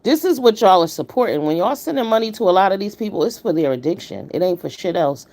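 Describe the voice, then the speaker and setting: A woman's voice: medium pitch, lively intonation, quick pace, a little mellow. A woman hosting a live stream, giving blunt, emphatic and profane commentary while greeting her viewers. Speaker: livestream commentator.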